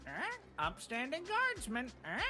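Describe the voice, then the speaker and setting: A woman's voice: high-pitched, wildly swooping pitch, unhurried, sharp tone, full character voice. A woman voicing a parrot in a video game that echoes phrases back with a quizzical question. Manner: quizzical echoing of the last words. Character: squawking parrot that repeats phrases. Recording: game audio with music.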